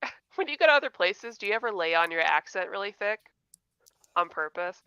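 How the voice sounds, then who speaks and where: Laughing, animated Southern woman, bright voice. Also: mid-range voice, brisk, clean tone, no room sound, muffled recording. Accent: light Southern American. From Kentucky. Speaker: host. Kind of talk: casual chat.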